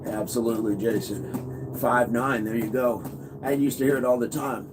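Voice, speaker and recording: A man's voice: medium pitch, steady tone, normal speed. A man coaching fitness on a casual livestream, upbeat, reading and answering viewer comments. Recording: noisy background.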